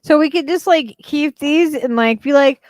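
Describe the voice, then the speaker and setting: A woman's voice: high voice, normal speed, a little mellow, no echo. A woman co-hosting a podcast, teasing and laughing often in casual chat. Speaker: podcast co-host.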